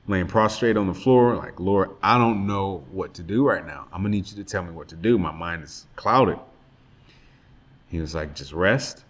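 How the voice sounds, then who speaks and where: Low-pitched man in his thirties, earnest and reflective, telling his story to camera. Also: fairly bright tone, muffled recording. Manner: earnest, reflective, emotional retelling. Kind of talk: personal testimony monologue.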